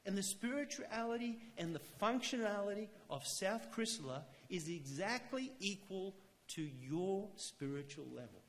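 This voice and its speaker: Man, lay church speaker, earnest sermon delivery, somewhat high voice, reverberant hall. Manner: earnest, conversational, slows to stress key lines. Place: church chapel.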